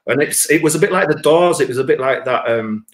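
A man telling a rambling, sweary personal anecdote, jumping up loud when he quotes himself. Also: mid-range voice, a little fast. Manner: sweary, animated, rises to shouts when quoting himself. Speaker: storyteller. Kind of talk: casual anecdote.

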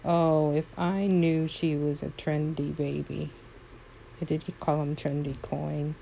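A woman's voice: deep voice, flat delivery, slow, vocal fry, mellow, a little hiss or hum, low-quality recording. A woman playing a horse game at home, commenting casually and fondly, exclaiming often and talking sweetly to her horses. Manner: frequent exclamations.

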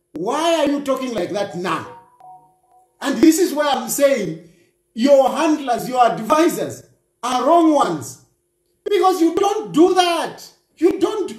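Mocking man, high lively voice. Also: echoey room. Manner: mocking, repetitive rhetorical questions. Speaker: political commentator. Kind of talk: reaction commentary on a news clip.

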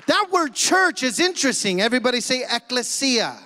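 A man's voice: very high voice, sing-song, fairly quick, few pauses, sharp tone. A male pastor preaching a sermon with emphatic energy, calling out to his congregation in a church sanctuary. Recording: long church hall reverb.

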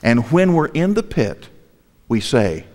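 Slow and darkish in tone, this older male pastor's medium-pitched voice rises and falls broadly as it fills a large church hall. He tells a story with self-deprecating humor and poses rhetorical questions to the congregation.

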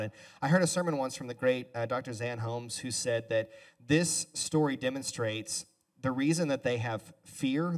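A male pastor giving a relaxed sermon as a two-person conversation, casual and chatty with joking asides. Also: medium pitch, moderate pace. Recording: voice a bit far from the mic.

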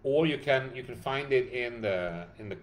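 A man's voice: medium pitch, lively intonation, moderate pace, slight background noise. Tired man answering a livestream chat. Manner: reads viewer comments aloud and thanks them by name. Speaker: dog rescue founder answering live chat. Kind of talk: casual livestream Q&A.

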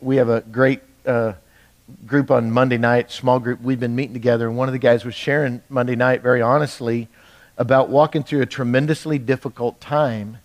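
A male pastor with a medium-pitched voice preaches a midweek sermon in a church. He talks conversationally, often repeating words as his intensity builds.

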